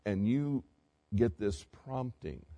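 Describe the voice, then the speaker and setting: In a mid-range voice and at a slow pace, a male pastor preaches a sermon. He shifts from loud, emphatic sections to quiet, chatty asides and puts direct questions to the congregation.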